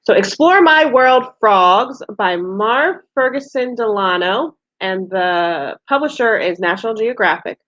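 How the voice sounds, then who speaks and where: Teacher type: gentle woman reading to small kids over a muffled, dry home recording. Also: mid-range voice, lively intonation, unhurried, few pauses, no room sound. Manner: gentle, explains picture cards and reads aloud. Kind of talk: distance-learning lesson for young children.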